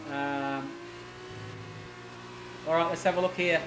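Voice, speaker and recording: A man commentating a sim racing stream, getting loud and excited at the action. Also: a little high, takes it slowly. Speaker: esports race commentator. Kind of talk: live stream race commentary. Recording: roomy with faint noise.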